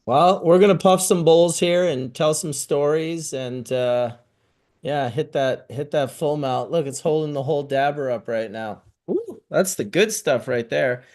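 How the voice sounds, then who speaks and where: Man, mid-pitched, casual stream host, relaxed slangy delivery. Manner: laid-back, slangy. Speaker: livestream host.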